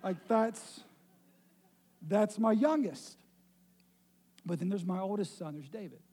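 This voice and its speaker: High-voiced man preaching with humor. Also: slow, warm tone. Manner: storytelling, self-deprecating humor. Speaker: pastor. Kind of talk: sermon.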